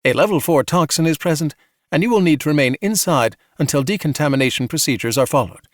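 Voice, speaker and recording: A man's voice: fairly high pitch, lively intonation, fast talker, no room sound, clean studio sound, voice pushed up, lightly acted. A man voicing a polite, procedural automated lab security system in an audiobook. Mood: polite, firm. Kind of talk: audiobook character voice.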